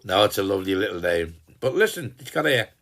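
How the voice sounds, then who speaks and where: A man in his eighties playing a gruff, cheeky old working-class dad, rambling and swearing casually in a comic Christmas greeting. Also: lowish voice, big pitch swings, fast, a bit bright, exaggerated voice. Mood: jokey. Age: 80s. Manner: rambling and chatty, swears casually, trails off and restarts. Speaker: sending a personalized Christmas video greeting. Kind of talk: rambling in-character comic monologue.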